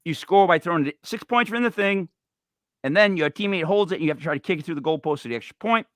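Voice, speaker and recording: A man hosting a talk show, rambling and joking in an animated, digressive way. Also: fairly high pitch, fast talker, no echo, studio quality. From Italian-American. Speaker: podcast host.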